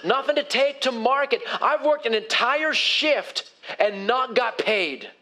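A man's voice: extremely high pitch, measured pace, bright, forceful tone, exaggerated voice. A man playing a weary, cranky fisherman who complains in an exasperated, sarcastic way after a night of work.

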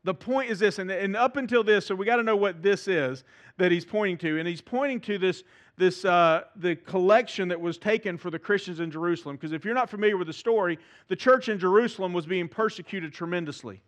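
A man pastor preaching a sermon, with emphatic delivery that swings from loud to soft. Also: sits high, brisk.

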